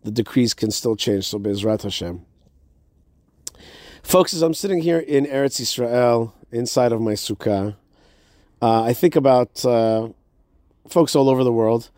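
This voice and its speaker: Relaxed male show host, dry sound. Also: mid-range voice, no echo. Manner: relaxed, halting with fillers. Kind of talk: casual chat. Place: home sukkah.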